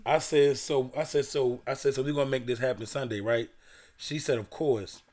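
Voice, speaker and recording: A man's voice: mid-range voice, fairly even intonation, normal speed, a little mellow. A young man from Baltimore, a podcast co-host, casually telling a profane story and reading old messages aloud.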